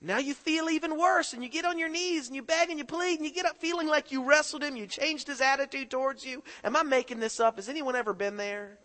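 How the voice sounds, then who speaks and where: Male preacher, high bright voice, hushed prayer into fervent altar-call preaching. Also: fast talker, few pauses. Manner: soft hushed praying, then rising impassioned preaching.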